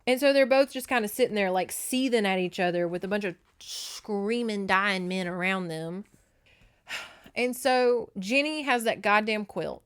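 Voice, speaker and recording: Woman host, casual book recap, chatty and profane, mid-pitched. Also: clean tone. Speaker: podcast host.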